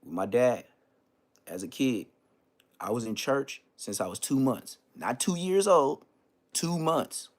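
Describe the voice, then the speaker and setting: A man hosting his own live stream, telling a story in a loose, profane way and jumping into high-pitched exclamations. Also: animated, takes it slowly, long pauses. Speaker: livestream host.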